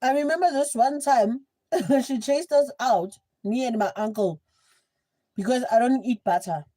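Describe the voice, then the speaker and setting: A young woman with a South African accent, telling a story in a chatty, animated livestream style. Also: a little high, unhurried. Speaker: livestream host. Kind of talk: casual storytelling.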